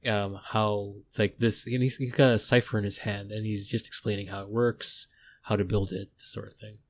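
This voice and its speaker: A man runs a tabletop game as game master. His voice is low, and he narrates in a loose, rambling way, full of fillers. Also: level tone, normal speed.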